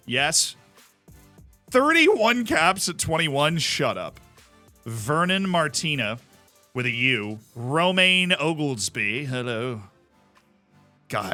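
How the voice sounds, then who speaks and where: Brief: male streamer, chatty and jokey, bright tone, faint guitar music behind. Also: mid-range voice. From Florida. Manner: chatty, enthusiastic, jokey asides. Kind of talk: casual gameplay commentary.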